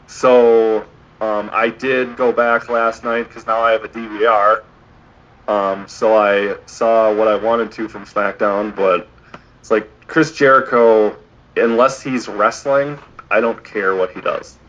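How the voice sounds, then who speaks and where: Opinionated podcast co-host, rambling casual delivery, muffled lo-fi recording. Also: male voice, fairly low pitch, fairly even intonation, slow, a bit bright. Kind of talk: casual chat. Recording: dull lo-fi podcast audio.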